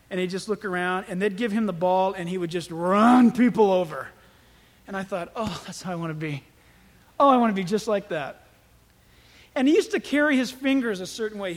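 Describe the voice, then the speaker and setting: A man preaching a sermon as pastor, telling stories in an animated way. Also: high voice. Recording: echoey hall with long reverb.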